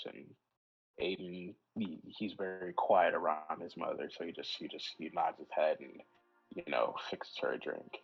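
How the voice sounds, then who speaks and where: Husky-voiced man running a tabletop game. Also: low voice, normal speed. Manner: rambling, repeats words, restarts a lot. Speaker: game master. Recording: dull lo-fi audio with faint music.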